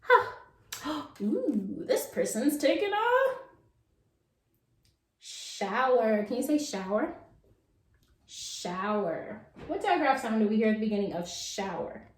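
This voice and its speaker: A woman teaching a children's phonics lesson in a playful, sing-song way, slowly sounding out letters. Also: a little high, big pitch swings. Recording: echoey room.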